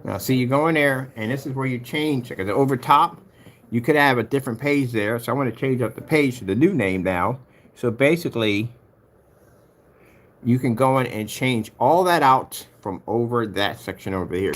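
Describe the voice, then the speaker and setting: With slight background noise, a man with a somewhat low, slightly bright voice edits his shop website in a casual screen-recorded walkthrough. He's chatty and playful, talking to a pet and himself and lapsing into sing-song chants.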